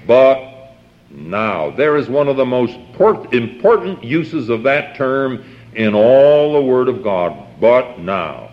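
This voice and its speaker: A man's voice: mid-range voice, very animated, slow. An older man preaching a sermon, reading scripture aloud and stopping often to explain it, repeating key phrases with emphasis and asking the congregation to answer back. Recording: dull lo-fi old sermon tape.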